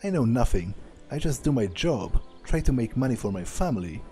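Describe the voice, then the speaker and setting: Timid half-orc maid, broken speech, lively up-and-down delivery, read by a man. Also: mid-range voice, soft background music, natural voice. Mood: nervous. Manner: halting, broken grammar.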